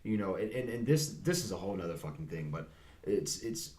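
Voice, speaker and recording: A man, an actor, chatting casually on a podcast, telling stories in a fast, profane, animated way. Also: low voice, reverberant.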